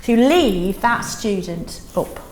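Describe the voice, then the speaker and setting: A middle-aged woman leading a teaching workshop in a classroom, lively, often checking in with "yes?". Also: medium pitch, slow, reverberant, slight background noise. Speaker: teaching trainer.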